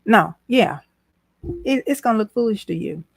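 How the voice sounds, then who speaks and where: A woman's voice: medium pitch, expressive, moderate pace, creaky, breathy edge, dry recording. A woman hosting a casual motivational livestream, talking in a preachy, folksy way and repeating lines for emphasis. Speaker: business strategist, livestream host.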